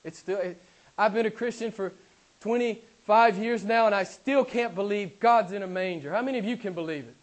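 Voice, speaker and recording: Emphatic high-voiced preacher. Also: male voice, brisk. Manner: emphatic, swinging from loud declarations to hushed asides. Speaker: pastor. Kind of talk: sermon.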